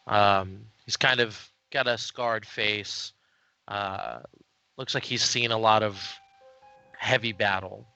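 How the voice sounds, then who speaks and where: Man, game master, slow narration, bright tone, faint music behind. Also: on the low side, steady tone, gravelly, highs cut off. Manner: unhurried narration with many fillers.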